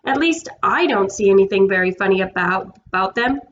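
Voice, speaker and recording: A woman's voice: medium pitch, expressive, a little fast, dull audio, a little hiss or hum, natural voice. A woman voicing a bored, aloof panther in a storybook reading, dry and unimpressed.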